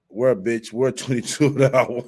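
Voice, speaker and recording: A man's voice: medium pitch, a little mellow, husky. A man hosting a casual commentary livestream, swearing a lot, mocking and laughing as he reads and answers comments. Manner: profane, mocking, laughs often. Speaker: host.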